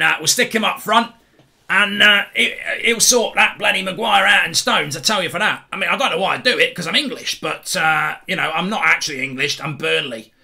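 A man's voice: fairly high pitch, gravelly, pushed and bright, full character voice. A man putting on a rambling, boastful older Burnley football fan with a Lancashire accent and a cheeky, stammering bravado.

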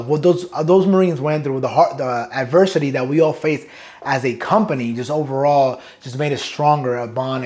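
A middle-aged man from New York sits as an interview guest and tells his stories in a relaxed, talkative way. He swears easily, laughs, and voices the people he quotes. His voice sits at an ordinary middle pitch for a man. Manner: animated, profane, acts out quotes with laughs. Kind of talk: casual storytelling interview.

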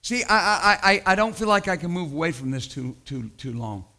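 A middle-aged man preaching a sermon as pastor, swinging from loud emphatic declarations to quiet, conversational storytelling. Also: a little high, lively intonation, a little fast.

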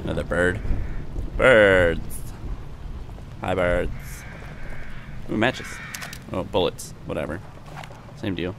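A man's voice: low voice, a little slow, creaky, pauses often, background noise. A young man giving wry, chatty commentary over a game he is playing, talking back to the characters on screen. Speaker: gameplay commentator. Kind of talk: let's play commentary.

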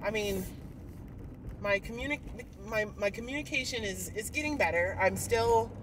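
A woman's voice: mid-range voice, normal speed, far from the mic, noisy background. A woman talking candidly in a personal vlog, rambling and emotional, with frequent sighs and fillers. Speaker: vlogger.

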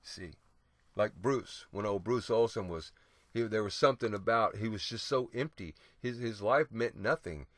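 A man's voice: on the low side, no echo. A man teaching the Bible on the radio, reading scripture aloud with emphasis and breaking in with hallelujahs and rhetorical "see?". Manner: exclaims hallelujah, asks "see?"; reads old scripture wording slowly and emphatically.

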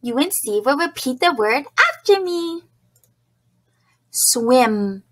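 A woman leads a kindergarten phonics lesson, sounding out each word very slowly and distinctly. Her voice is bright and pitched a little high. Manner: slow, clearly enunciated word modeling with praise. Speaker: kindergarten teacher. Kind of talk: phonics lesson for young children.

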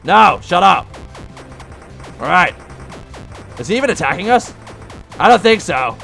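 A young man giving casual gameplay commentary, breaking into frustrated, yelling outbursts at the game. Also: high voice, sing-song, a little slow, vocal fry, soft background music. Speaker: let's play gamer.

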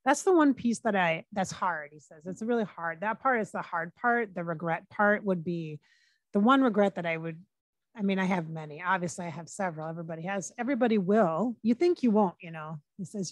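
A woman working as a psychic medium, talking casually and relaying quotes in her own plain voice with frequent pauses and restarts. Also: mid-range voice, animated, no room sound. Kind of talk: casual channeling session monologue.

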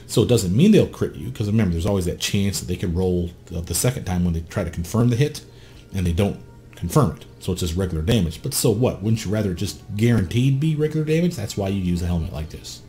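A man's voice: low voice, expressive, fast, dark tone, soft background music. A man talking casually and bluntly through a game character build, swearing freely and asking the viewer questions. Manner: blunt, profane, conversational. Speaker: gameplay guide host.

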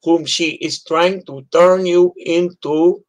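A man's voice: a little high, fairly even intonation, slow, pitched above the performer's own voice, low-quality recording. A man voicing his stern older immigrant father, speaking in broken English. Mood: earnest urging.

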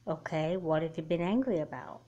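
A patient, soothing mother, her voice lower and softer as she calms her daughter with gentle reassurances. A woman voices her in a homemade doll movie. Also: brisk, lo-fi sound, slight background noise, natural voice. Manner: gentle, calming, calls her child honey.

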